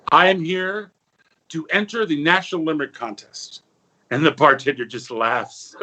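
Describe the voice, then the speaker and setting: A man telling a long joke and then a rhyming story, animated, with stammers and restarts. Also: fairly high pitch, normal speed, rough recording. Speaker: comedy performer.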